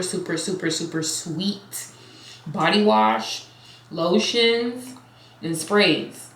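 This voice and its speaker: Chatty young woman, low voice, echoey room. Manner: chatty, girlfriend-to-girlfriend talk, calls viewers girl and sis. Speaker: vlogger. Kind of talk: casual chat to camera. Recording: echoey room, faint noise.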